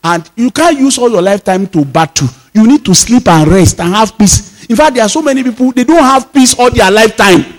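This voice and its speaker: A male pastor with a notably high-pitched voice delivers an emphatic sermon. He repeats key phrases for weight and acts out back-and-forth exchanges as he preaches.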